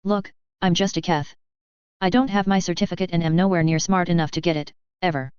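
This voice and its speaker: Cheerful blunt alien busker, woman narrator voicing her, low smooth tone, dry close sound. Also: fairly even intonation, fairly quick, a little mellow, dry recording, lo-fi sound, lightly acted. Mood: cheerfully blunt. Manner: polite but bluntly refusing.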